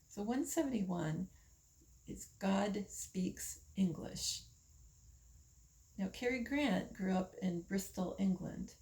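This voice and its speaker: An older woman from the United States, talking slowly in a casual monologue, musing with pauses and fillers. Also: medium pitch, dark tone, low-quality recording. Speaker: vlogger.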